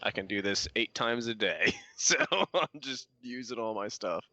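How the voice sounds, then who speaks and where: A man playing a tabletop game, thinking aloud deliberately. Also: lowish voice, sharp tone. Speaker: player. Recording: dull, dry lo-fi recording.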